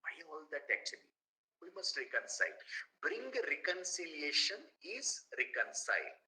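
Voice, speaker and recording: A middle-aged man with an Indian English accent giving a classroom lecture, animated, with rhetorical questions and plenty of fillers. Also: fairly high pitch, moderate pace, low-quality recording. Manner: animated, rhetorical asides, fillers and repeated words. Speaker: guest lecturer.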